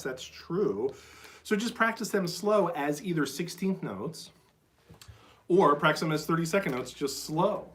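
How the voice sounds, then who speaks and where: A man's voice: a little high, slight background noise. A man giving a casual, enthusiastic drum lesson on a live stream, peppering his talk with "like" and "right?" and scatting rhythms aloud. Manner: chatty, enthusiastic, full of "like" and "right?"; scats rhythms aloud with syllables. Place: drum shed. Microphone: phone.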